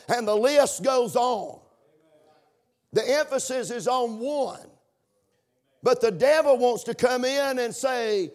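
A man's voice: very high voice, slow pace, long pauses, a little mellow. A man preaching a sermon in a chanting, sing-song cadence, breaking in with amens.

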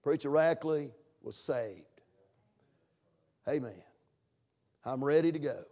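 A man's voice: fairly high pitch, slow, mellow. A middle-aged man preaching a sermon and leading a fervent prayer. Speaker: pastor.

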